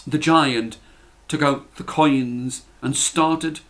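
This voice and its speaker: A man narrating a children's fairy tale in a deliberate, repetitive storytelling manner. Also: mid-range voice, steady tone, fairly bright tone.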